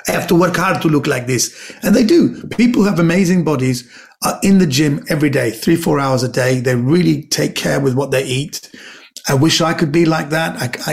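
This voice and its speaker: A man, a comedian and actor, telling animated anecdotes as a podcast guest, often repeating words. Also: a little high. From Britain. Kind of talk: casual storytelling chat.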